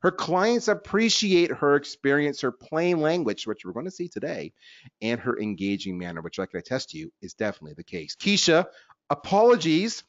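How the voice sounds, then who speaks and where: A man hosting a business webinar in a lively, chatty, self-deprecating way. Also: on the high side, normal speed, no echo. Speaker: webinar host. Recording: dull lo-fi webinar audio.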